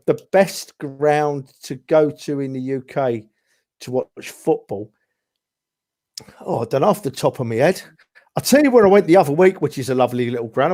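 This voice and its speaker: A man telling football stories in a casual podcast chat, animated and full of asides, often calling his friends mate. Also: on the high side, normal speed. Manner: animated storyteller, says "mate" and "right?" a lot. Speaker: podcast regular.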